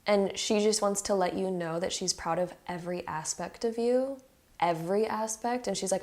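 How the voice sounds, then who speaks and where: A woman's voice: medium pitch, normal speed, darkish tone. Woman, tarot reader, earnest and emotional, chatty with lots of "like" fillers. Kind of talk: intuitive pick-a-card reading to camera.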